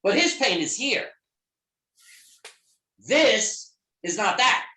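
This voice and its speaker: A middle-aged man telling a story in an interview, animated and emphatic, swearing freely. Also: high voice, slow, far from the mic. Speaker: guest therapist. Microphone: video call. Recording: echoey room on a video call.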